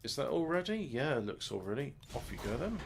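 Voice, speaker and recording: A man's voice: medium pitch, very animated, a little fast, gravelly, background noise. A man giving rambling, joking let's-play commentary, muttering asides and mocking himself as he sets up his game. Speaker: gaming video host.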